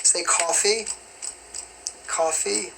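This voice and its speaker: A man's voice: high voice, steady tone, drawn-out words, vocal fry, pushed and bright, slight background noise, poor audio. A young man from New York with a light New York accent, casually answering viewer questions on a live stream in a rambling, chatty way. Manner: chatty and rambling, with constant "you know what I mean".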